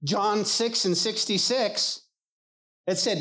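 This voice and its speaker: A man preaching a sermon as pastor, animated and emphatic, acting out the people he quotes. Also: high-pitched, moderate pace.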